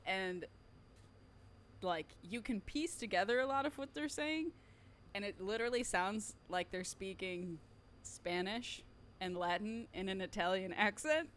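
A woman co-hosting a podcast, chatting casually with quick, wry interjections. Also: medium pitch, lively intonation, fairly bright tone, slight background noise. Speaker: podcast co-host. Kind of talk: casual chat.

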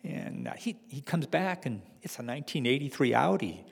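A middle-aged man telling a personal story to an audience in a wry, halting way, with restarts and fillers. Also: medium pitch, big pitch swings, vocal fry, slightly rough, in a large hall.

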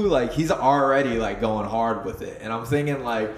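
A man's voice: mid-range voice, moderate pace, hardly any pauses. A young man co-hosting a podcast, telling stories in a loose, profane way and laughing often. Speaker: podcast co-host. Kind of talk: casual chat. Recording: roomy echo, faint background noise.

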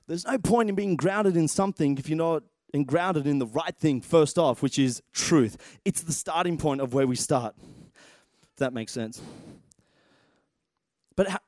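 Man, pastor, sermon, high voice, dry sound, animated, shouts for emphasis. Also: no room sound. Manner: animated storytelling, shouts at dramatic moments.

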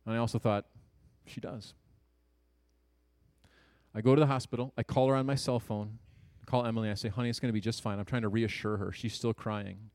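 A man's voice: on the low side, fairly even intonation, dry recording. Earnest man telling a personal story. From Ohio, USA. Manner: earnest, conversational, with quick jokes and hushed asides. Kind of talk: personal story told to an audience.

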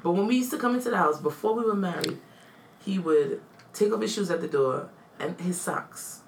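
Lively storytelling woman, low voice. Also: moderate pace, roomy sound, distant mic, slight background noise. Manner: animated storyteller, acts out quotes, bursts into laughter. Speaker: podcast co-host. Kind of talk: casual chat.

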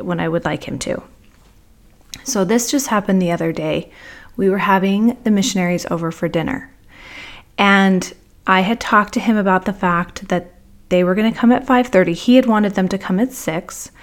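A woman podcast host telling a personal story in a monologue, animated and acting out the dialogue she recalls. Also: mid-range voice. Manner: animated, acts out quoted dialogue.

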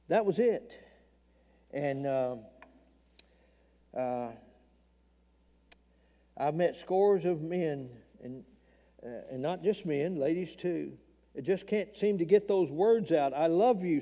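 Older man, very dark voice. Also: a little high. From Tennessee, US. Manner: earnest, emotional storytelling. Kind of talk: personal testimony in a church talk. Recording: long hall reverb.

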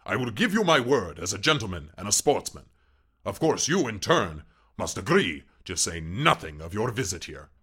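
A man's voice: on the low side, very animated, moderate pace, fairly bright tone, breathy edge, exaggerated voice. A man doing a silky menacing old general. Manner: courtly, silky and mocking. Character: suave menacing aristocratic male Cossack general. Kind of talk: audiobook reading.

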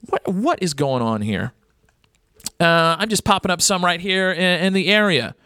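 A man's voice: sits high, animated, normal speed, bright, forceful tone, smooth, no echo, clean studio sound. A man hosting a radio talk show, rambling and blunt, with crude words and many fillers.

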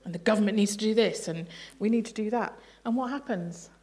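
A bible study leader runs an interactive family sermon during a church service, playfully laughing as she puts questions to the congregation. Her medium-pitched voice is mellow and a little fast.

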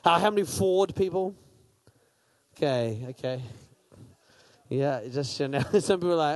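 A man speaking to a crowd, playful and energetic as he polls the audience with quick questions. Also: mid-range voice, dry recording. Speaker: speaker at a church gathering. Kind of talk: lively talk to a crowd.

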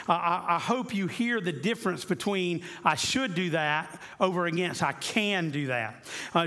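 A man preaching a sermon as a pastor. He talks earnestly, repeating key phrases and slowing down to stress them. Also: sits high, a bit bright.

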